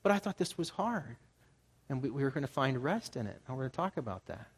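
A man in his forties giving a sermon as a pastor, talking in a conversational way and jumping higher for emphasis. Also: brisk, slightly rough. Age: 40s. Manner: conversational, animated, jumps into higher pitch for emphasis.

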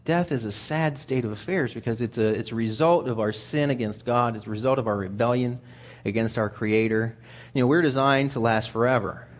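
A man delivering a sermon in an easygoing, conversational way, at a middle pitch. He often repeats and restarts words as he thinks aloud. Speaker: preacher.

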